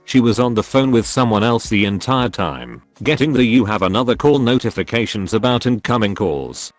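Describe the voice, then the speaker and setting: A man reading online posts aloud as a scripted narration, in an even reading voice. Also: on the low side. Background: faint background music.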